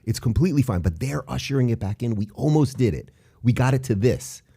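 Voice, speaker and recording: A man talking as a podcast guest, conversational, with quick asides. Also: mid-range voice, lively intonation, vocal fry, dark tone, husky. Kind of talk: podcast discussion.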